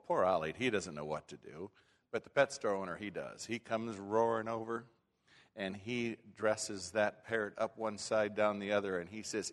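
A male pastor delivers a sermon in an easygoing, conversational style, often stopping and restarting his phrases. His voice sits low. Long reverb from the sanctuary lingers behind his words. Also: fairly even intonation, normal speed. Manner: folksy, conversational preaching with frequent restarts. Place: church sanctuary.

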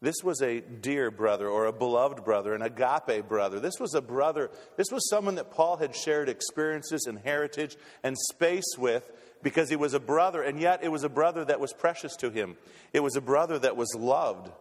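Guy pastor giving a folksy sermon, middle pitch, keeps restarting words, long church echo. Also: lively intonation, moderate pace. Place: church sanctuary. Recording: long reverb in a church hall.

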